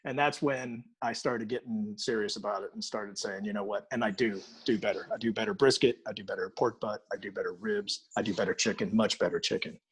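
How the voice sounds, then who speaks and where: A man's voice: fairly low pitch, fairly even intonation, brisk, few pauses, breathy edge. A middle-aged man, a guest barbecue cook, telling a story in casual chat and acting out both sides of it.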